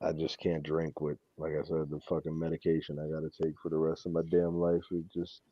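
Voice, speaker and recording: A man's voice: very deep voice, a little fast, lo-fi sound. A man hosting a casual livestream chat from home, telling rambling stories full of swearing. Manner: rambling storyteller, heavy swearing, animated quoting. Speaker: livestream host.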